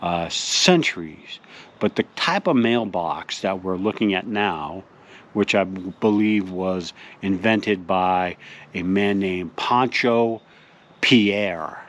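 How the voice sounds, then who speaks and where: A man hosting a mock-serious tutorial outdoors, explaining things deadpan as if to kids. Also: sits low, takes it slowly. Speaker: host. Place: outdoors in a front yard by a mailbox.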